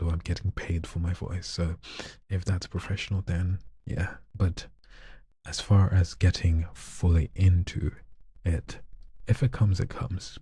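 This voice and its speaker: A man chatting casually on a live stream, soft-spoken and shy, often slipping into whispers. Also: low-pitched, slightly rough, no echo. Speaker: live streamer and hobby voice artist.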